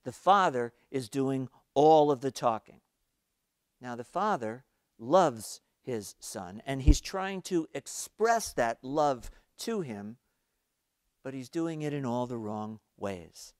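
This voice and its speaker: A male pastor preaching an earnest, storytelling sermon for an online worship service, rising in emphasis and then dropping to quiet. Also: mid-range voice, animated, slow pace, clear, resonant tone, dry recording, studio quality.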